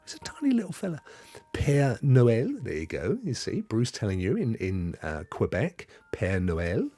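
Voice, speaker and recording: A man's voice: fairly low pitch, wildly swooping pitch, brisk, darkish tone, husky, soft background music. A man from Devon, hosting a casual livestream chat and rambling playfully with viewers. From Devon, England. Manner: rambling, playful, spins tall tales. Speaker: host.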